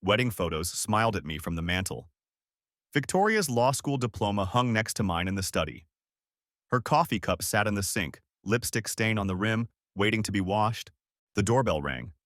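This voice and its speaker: A man narrating a first-person revenge story audiobook in a calm, grim manner. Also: on the low side, moderate pace, no echo, studio quality.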